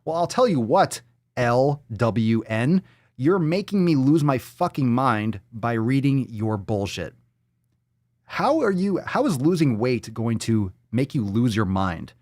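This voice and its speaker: A man's voice: medium pitch, big pitch swings, slow, darkish tone, dry recording. A man hosting a fitness podcast, ranting in a profane, sarcastic and exasperated way. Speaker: podcast host.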